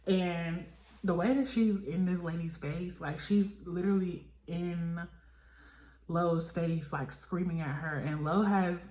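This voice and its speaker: Low-voiced chatty woman recapping in a roomy space. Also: a little slow, warm tone. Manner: chatty, filler-heavy, voices the cast in quotes. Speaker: reality TV recap vlogger. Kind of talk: casual episode recap. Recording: echoey room.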